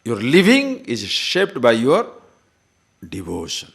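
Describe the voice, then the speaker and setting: A man's voice: medium pitch, wildly swooping pitch, takes it slowly, vocal fry, a bit bright, husky. A man giving a scripture lecture as a spiritual teacher, asking rhetorical questions and repeating words for emphasis.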